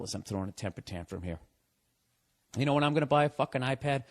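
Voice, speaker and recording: A man's voice: mid-range voice, expressive, fast, creaky. A man hosting a podcast, giving listeners blunt advice in a profane, sarcastic comedic rant.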